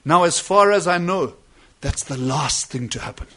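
A man preaching a sermon, dropping to soft asides and then rising to loud, drawn-out emphasis. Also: on the high side, lively intonation.

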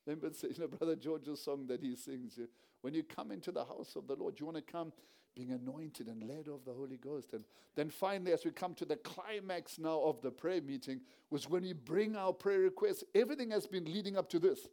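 Warm-voiced man preaching a story. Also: fairly high pitch, brisk. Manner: storytelling, acting out quoted dialogue with a rising, dropping voice. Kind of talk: sermon retelling a story.

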